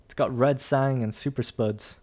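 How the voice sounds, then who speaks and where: In an unhurried, steady delivery, a young man chats casually while streaming a strategy game, rambling and laughing a lot. His voice is medium in pitch and darkish, and faint music sits behind it.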